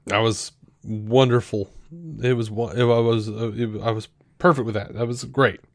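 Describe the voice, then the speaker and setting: A man co-hosting a podcast in casual chat. He rambles with many fillers and restarts, and retells scenes with animated quoted lines. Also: lowish voice, normal speed, no room sound, clean studio sound. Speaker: podcast co-host.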